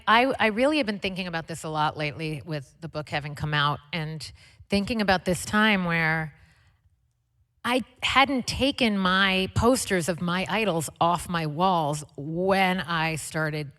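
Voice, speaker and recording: A woman guest telling stories in a chatty, excitable way with lots of fillers, speaking onstage at a live conversation event. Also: lowish voice. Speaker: interview guest, singer. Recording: long hall reverb.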